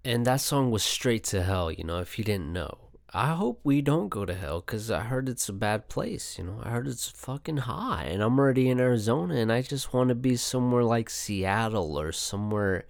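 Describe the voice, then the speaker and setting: A man's voice: medium pitch, lively intonation, moderate pace, creaky, few pauses, dry recording, studio quality. A young man hosting his own podcast alone, talking casually in a loose, profane, rambling way. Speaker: podcast host. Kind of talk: casual solo podcast chat. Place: home setup, Arizona.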